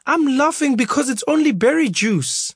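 A woman's voice: sits high, lively intonation, normal speed, dry recording, clean studio sound, voice pushed up. A man voicing an unflappable, laughing mother, who reassures her son. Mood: amused, reassuring.

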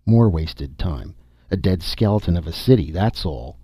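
A man's voice: low-pitched, expressive, normal speed, mellow, breathy edge, no room sound, exaggerated voice. A man reading a wary, impatient male explorer in an audiobook, grim and muttering. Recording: dull dry recording.

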